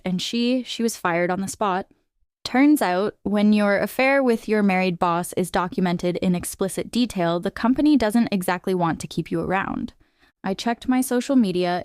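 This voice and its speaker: A woman narrates a first-person story in a smooth, crisp voice that sits at a mid pitch. The delivery is steady and scripted. The recording is close and dry, with no room sound. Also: dry recording.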